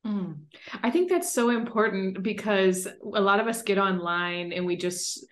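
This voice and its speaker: A woman's voice: medium pitch, measured pace. A woman hosting a podcast interview, reflecting back on what her guest says and asking follow-up questions. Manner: reflective, sums up the guest's points. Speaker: podcast host. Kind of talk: conversational interview.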